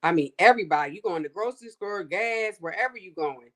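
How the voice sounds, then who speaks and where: A woman's voice: on the low side, animated, quick pace, a bit bright. Chatty woman telling a story. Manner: chatty storyteller with folksy phrasing. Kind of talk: casual chat.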